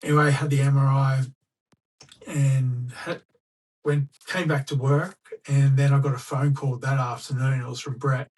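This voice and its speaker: A man's voice: medium pitch, flat delivery, moderate pace, darkish tone, distant mic, poor audio. A middle-aged Australian man telling a personal story as a podcast guest, chatty and anecdotal, acting out what people said. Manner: chatty anecdotal, acts out quoted dialogue. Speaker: guest, school staff member. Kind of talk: casual storytelling in a podcast interview.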